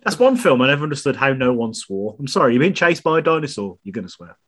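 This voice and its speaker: A Brummie man co-hosts a podcast in relaxed banter. His voice is a little husky and animated, and he teases and laughs easily. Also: medium pitch, fast. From Birmingham, England. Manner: playful, teasing, laughs often. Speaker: podcast co-host. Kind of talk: casual chat.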